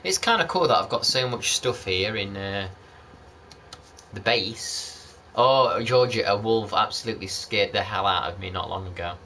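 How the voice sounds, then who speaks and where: Gaming host, rambling chatty commentary, lowish forceful voice. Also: male voice, normal speed, a little hiss or hum. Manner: rambling, chatty, greets viewers by name. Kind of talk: casual gameplay commentary.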